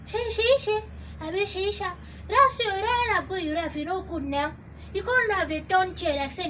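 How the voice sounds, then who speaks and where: Very high-voiced Nigerian comedian woman. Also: moderate pace, slight background noise. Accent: Nigerian Pidgin English. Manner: animated, laughing, switching between English and Pidgin. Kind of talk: comic commentary.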